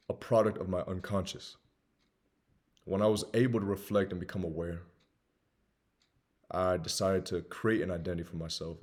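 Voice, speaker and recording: Talking earnestly to camera, a self-improvement host in his twenties with a low voice and a faint Southern US accent repeats himself emphatically. He swings between loud urging and quiet confession in a personal monologue.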